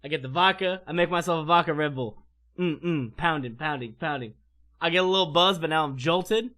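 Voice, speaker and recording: A man telling a casual story on his stream, animated, profane and rambling. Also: on the high side, fast.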